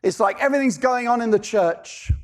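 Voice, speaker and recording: A man preaching a sermon, animated, firing off rhetorical questions and acting out characters. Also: very high voice, fairly quick.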